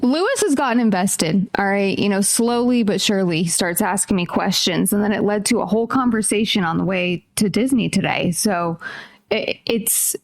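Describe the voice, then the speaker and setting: A woman's voice: medium pitch, normal speed, no echo. A woman in her thirties co-hosting a podcast, telling stories in a chatty way with lots of restarts. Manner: chatty, storytelling with many restarts. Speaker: podcast co-host. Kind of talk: casual chat.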